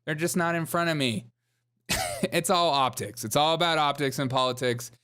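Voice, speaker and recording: A man's voice: on the high side, normal speed, bright, forceful tone, smooth. A man hosting a political commentary show, talking sarcastically over clips with mocking, laughing asides.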